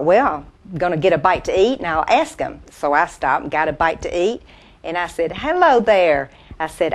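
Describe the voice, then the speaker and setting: A woman's voice: medium pitch, lightly acted. A woman doing a folksy country comedienne. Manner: folksy, drawn-out storytelling with laughs at punchlines. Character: folksy Southern country comedienne, chatty and homespun. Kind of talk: stand-up storytelling impression.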